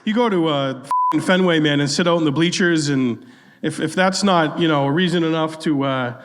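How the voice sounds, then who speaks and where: A man in his thirties co-hosts a live comedy show, throwing out dry, sardonic rants that push up to a shout. His voice sits a little high for a man and rings with long hall reverb. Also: normal speed. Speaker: comedy podcast co-host. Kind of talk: live stand-up banter. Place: legion hall stage before a live audience.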